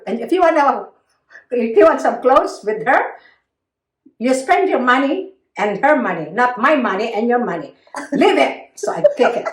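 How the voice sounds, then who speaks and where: An older woman recounting her own story in casual conversation, acting out the quoted lines with big jumps in her voice. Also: far from the mic. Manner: animated, acts out quotes with big pitch jumps. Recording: echoey room, voice a bit off mic.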